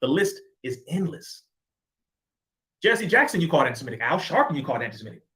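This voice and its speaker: A man's voice: on the high side, big pitch swings, quick pace, bright, forceful tone. A man giving an impassioned address to camera, emphatic, sarcastic and repetitive. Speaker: commentator.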